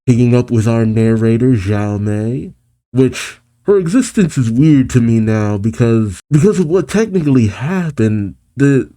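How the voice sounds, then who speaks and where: A young man reads a manga chapter aloud and reacts to it, his low, mellow voice swinging widely in pitch. He keeps dropping into quick put-on voices for each character, and he laughs often. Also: lively intonation.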